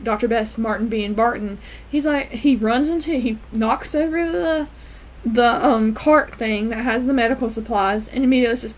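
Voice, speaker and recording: Woman, casual episode recap, animated storyteller, fairly high voice. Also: normal speed, poor audio. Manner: animated, acts out characters' lines in quotes. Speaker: TV episode reviewer.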